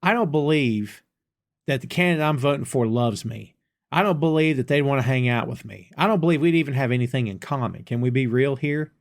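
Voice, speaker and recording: A man's voice: medium pitch, brisk, gravelly. A middle-aged man from the United States hosting a solo podcast, talking straight to his listeners in a folksy, exasperated way. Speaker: podcast host. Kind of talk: solo political commentary podcast.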